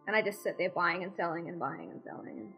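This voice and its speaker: A woman's voice: lowish voice, animated, fast talker, lo-fi sound, soft background music. A woman with a New Zealand accent, a guest chatting casually on a podcast, self-deprecating and full of "like" fillers. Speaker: guest streamer.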